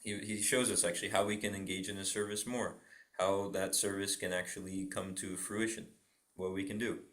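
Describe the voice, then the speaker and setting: Male preacher, somewhat low voice, casual talky sermon delivery with frequent laughs and acted-out bits. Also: level tone, moderate pace, a bit bright. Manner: chatty, laughs often, acts out little dialogues. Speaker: preacher giving a scripture class. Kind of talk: informal sermon.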